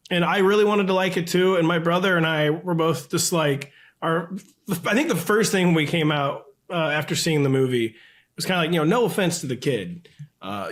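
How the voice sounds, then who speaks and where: Man, 30s, podcast guest, fairly high voice, rambling, filler-heavy. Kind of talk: casual chat.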